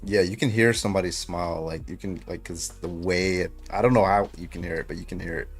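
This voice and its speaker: A man's voice: low voice, fairly even intonation, quick pace, breathy edge, soft background music. A tired man hosting a debate livestream, chatting casually, laughing and swearing often. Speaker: debate stream host.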